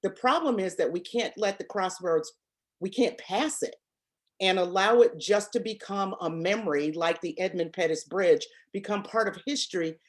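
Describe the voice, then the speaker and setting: A woman's voice: medium pitch, moderate pace. A woman panelist making impassioned, emphatic remarks and repeating her points.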